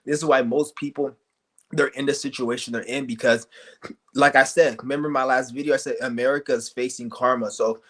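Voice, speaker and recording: A man vents on a livestream, swearing freely and hammering away with rhetorical questions. His voice sits at a middle pitch, and his insults are blunt and heated. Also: fairly even intonation, fairly quick, fairly bright tone. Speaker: streamer ranting to viewers. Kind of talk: angry vlog rant.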